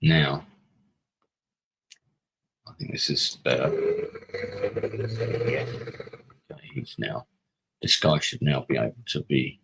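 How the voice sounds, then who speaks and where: A man's voice: rumbling low, slow pace, gravelly, long pauses, fairly bright tone, husky, rough recording. A middle-aged man streaming a strategy game, casually thinking aloud and muttering to himself as he plays. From England. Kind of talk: casual gaming commentary.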